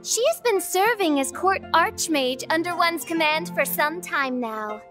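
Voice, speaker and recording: A voice actress playing a theatrical young princess who speaks in grand, archaic phrases, heard as game audio with music behind it. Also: female voice, extremely high pitch, lively intonation, a little slow. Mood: grandiose. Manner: archaic, pompous speech.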